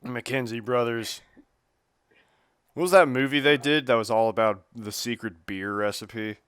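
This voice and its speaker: A man's voice: medium pitch, steady tone, moderate pace, fairly bright tone, clear, resonant tone, dry recording, clean studio sound. A man co-hosting a casual gaming podcast, laughing and rambling through explanations. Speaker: podcast co-host.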